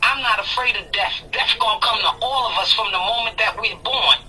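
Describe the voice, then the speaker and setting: Defiant woman, blunt and profane, high and bright, on a slightly noisy call. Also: a little fast. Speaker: guest telling her side. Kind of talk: heated phone call storytelling.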